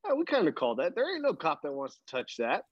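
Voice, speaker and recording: Male podcast co-host, measured casual talk, dry and slightly dull recording. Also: on the high side, wildly swooping pitch, dry recording. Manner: measured, reasoning out his opinion. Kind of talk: casual chat.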